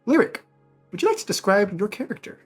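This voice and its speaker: A man's voice: high-pitched, big pitch swings, a little fast, breathy edge, soft background music. A man running a tabletop game as game master, setting scenes cinematically with some fillers.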